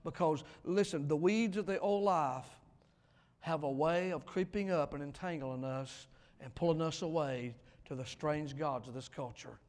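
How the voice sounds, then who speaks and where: A man preaching a revival sermon in a church, emphatic, swinging between loud declarations and quiet asides. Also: fairly high pitch, normal speed. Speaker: pastor. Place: church sanctuary. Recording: long hall reverb in a church.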